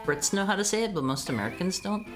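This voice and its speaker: A woman's voice: on the low side, lively intonation, fast talker. A woman streaming a video game, chatting playfully and teasing her chat. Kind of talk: casual game-stream commentary. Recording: game music playing behind.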